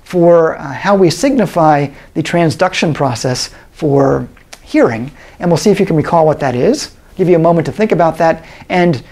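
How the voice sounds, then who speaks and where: A middle-aged man giving a recorded college lecture, explaining in a measured way with frequent pauses and fillers. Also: fairly high pitch, animated, a little mellow.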